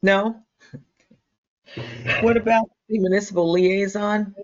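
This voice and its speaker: A woman chairing a public meeting, losing her voice and clearing her throat as she reads formal procedure aloud. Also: medium pitch, fairly even intonation, slow. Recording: dull lo-fi meeting audio.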